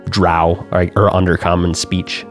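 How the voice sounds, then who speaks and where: A man's voice: low voice, little pitch movement, unhurried, faint music behind. A man running a tabletop game, narrating scenes and bantering casually with players. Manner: laid-back, slangy banter with narration. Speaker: game master.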